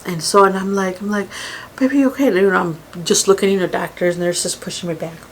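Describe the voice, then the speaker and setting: A woman telling a painful personal story on camera, halting and emotional, with many pauses and fillers, sometimes dropping to a whisper. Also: lowish voice, level tone, slight background noise, poor audio. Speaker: mukbang creator. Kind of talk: storytime while eating.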